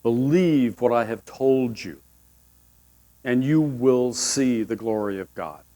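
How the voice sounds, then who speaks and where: A man voicing Jesus in a sermon retelling, calm and offhand in manner. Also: mid-range voice, slow, natural voice.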